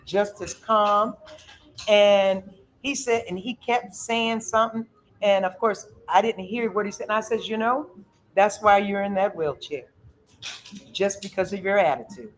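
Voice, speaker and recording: A woman's voice: medium pitch, normal speed, a little hiss or hum, rough recording. A middle-aged woman, telling a personal story as host of a casual chat, acting out the quoted voices with feeling. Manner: emotional, animated retelling with quoted voices.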